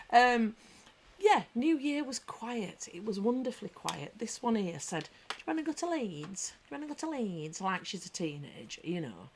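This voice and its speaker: A British woman hosts a live stream in a chatty, bantering way. She reads out viewer comments as she goes. She tells anecdotes with lively storytelling at a middle pitch. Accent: British English. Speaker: livestream host. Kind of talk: casual live chat.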